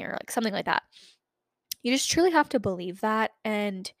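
Brisk and with lively intonation, this mid-range female voice belongs to a twenty-something solo podcast host. She rambles chattily with plenty of fillers, and the recording is dry and studio-clean.

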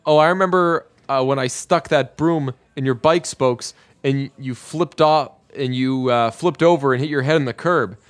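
A man's voice: mid-range voice, moderate pace, few pauses, natural voice. A man voicing an earnest, slightly whiny young father in his everyday voice. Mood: sheepish. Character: earnest young man, awkward new dad.

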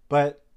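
A man with a hoarse, slightly high voice rambles through a casual story, circling back and repeating himself. He keeps clearing his throat as he talks, with lively, animated delivery. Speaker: podcast host.

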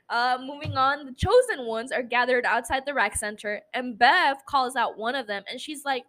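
Woman, podcast host, a little high-pitched, casual recap, cursing, home mic. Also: normal speed, hardly any pauses, a bit bright, low-quality recording. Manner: chatty, swears freely. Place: home apartment. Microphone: studio mic.

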